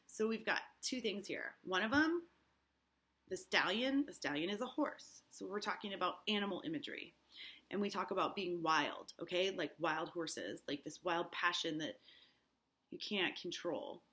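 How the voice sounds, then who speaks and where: A woman's voice: fairly low pitch, sharp tone. A woman teacher explaining a play to her class, frequently checking in with "okay?". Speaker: English teacher.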